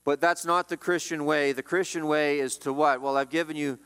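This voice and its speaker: A man preaching a sermon as pastor, emphatic, his voice swinging between loud rises and quiet drops. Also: steady tone, moderate pace, clear, resonant tone, big-room sound. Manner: emphatic preaching, rising and dropping in pitch and volume.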